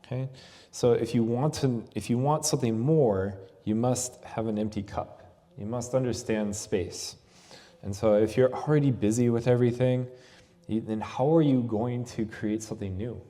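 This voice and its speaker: A man's voice: medium pitch, steady tone, normal speed, mellow, big-room sound. A man giving a conversational yoga teaching talk at a festival, often checking in with "right?". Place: festival venue.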